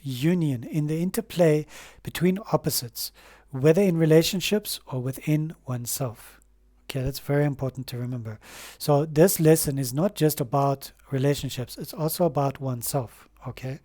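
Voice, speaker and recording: A man giving a spoken tarot reading, gentle and affirming, rambling with fillers and slow pauses. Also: fairly high pitch. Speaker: tarot reader.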